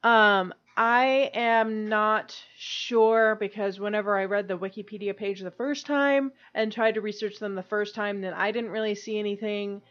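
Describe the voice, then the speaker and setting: A woman co-hosting a casual podcast, talking things through and explaining what she has read. She has a mid-range pitch for a woman. The sound is somewhat dull and lo-fi. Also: fairly even intonation, moderate pace, hardly any pauses, a bit bright. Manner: chatty, explains research, laughs often. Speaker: podcast co-host. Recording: dull lo-fi audio.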